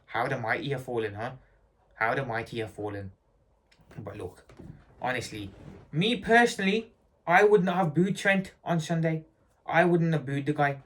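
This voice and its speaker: Man, football fan rant, blunt, repetitive, emphatic, middle pitch. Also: a bit bright.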